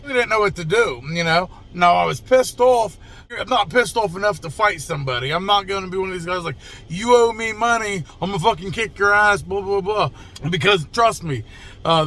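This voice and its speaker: A man's voice: high voice, pushed and bright. A young adult man, a mobile mechanic, casually telling a story to camera in a blunt, profane, conversational way. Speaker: mobile mechanic and channel host.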